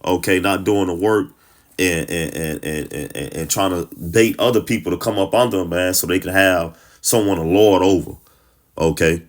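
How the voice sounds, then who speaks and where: A scripture teacher with a deep voice gives informal Bible teaching at a normal speed. He is blunt and heated, stammering through restarts and tacking "man" onto nearly every phrase.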